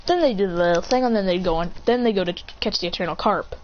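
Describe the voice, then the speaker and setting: A woman's voice: mid-range voice, fast talker. A woman casually retelling a fan story, rambling with fillers and dropping into quoted voices. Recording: dull lo-fi with faint hiss.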